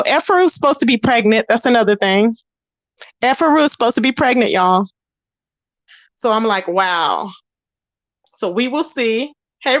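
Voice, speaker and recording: High-voiced chatty woman, dry close mic. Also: fairly bright tone, dry recording. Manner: chatty and blunt, greets viewers by name. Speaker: host of a live commentary stream. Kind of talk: casual live-stream chat.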